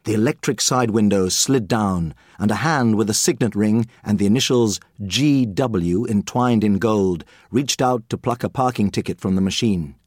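A man reading a children's story aloud as an audiobook narrator, with lively, expressive storytelling. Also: lowish voice, normal speed, few pauses, slightly rough, no echo, clean studio sound.

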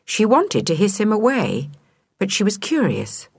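A woman narrating a children's storybook in an expressive, measured way. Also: mid-range voice, gravelly, breathy edge, no room sound, clean studio sound. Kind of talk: storybook reading.

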